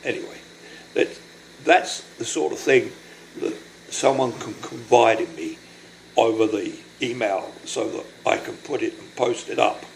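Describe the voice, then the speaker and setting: An older man recording a personal video diary, speaking in a halting, apologetic, emotional way and short of breath from illness. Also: mid-range voice, expressive, creaky, slight background noise, low-quality recording. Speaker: vlogger.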